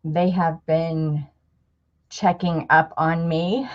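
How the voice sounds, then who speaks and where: Middle-aged woman, livestream host, unhurried, halting, near tears, muffled lo-fi sound. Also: deep voice, fairly even intonation. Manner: heartfelt, halting, on the edge of tears. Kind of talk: casual live chat with viewers. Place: home room with a table of craft supplies. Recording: dull lo-fi livestream audio.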